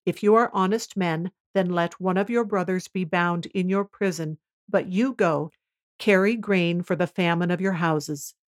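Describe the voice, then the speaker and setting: A woman reading the lines of a stern male governor in a scripture reading, in a solemn, measured way. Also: lowish voice, natural voice. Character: stern male Egyptian governor testing his brothers.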